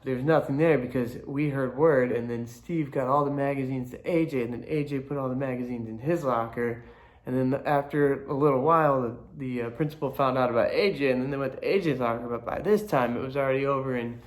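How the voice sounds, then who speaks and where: A man's voice: mid-range voice, brisk. A young man casually telling stories from his school days, rambling with lots of fillers. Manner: laid-back, rambling, many fillers. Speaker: storyteller. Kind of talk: casual storytelling to camera.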